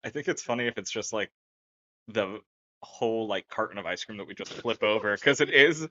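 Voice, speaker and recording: Guy cohosting a podcast, kinda low voice, dry deadpan jokes, dull muffled sound. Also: fairly quick, dry recording. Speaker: podcast co-host. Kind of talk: casual podcast chat.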